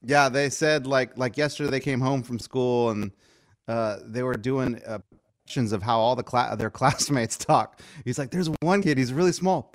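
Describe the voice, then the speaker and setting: A man's voice: medium pitch, moderate pace. A man co-hosting a casual podcast chat, skeptical and teasing. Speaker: podcast co-host.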